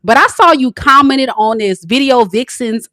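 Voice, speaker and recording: A woman hosting a tarot livestream who gives casual advice, swinging from loud dramatic outbursts to calm, low talk. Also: moderate pace, no room sound, studio quality.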